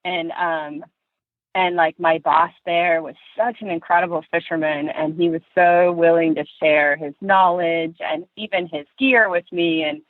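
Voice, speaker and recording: A woman from Virginia, a fishing guide, tells stories about her life at an unhurried pace in a podcast interview. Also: lowish voice, fairly even intonation, no room sound. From Virginia, USA. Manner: unhurried, anecdotal storytelling with frequent pauses. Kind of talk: podcast interview, personal storytelling. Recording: tinny phone-line audio, dry.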